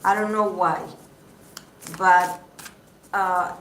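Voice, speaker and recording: A woman giving a casual live tarot reading, chatty and halting with many fillers. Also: on the low side, steady tone, fairly bright tone. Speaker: tarot reader. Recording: echoey room with faint background noise.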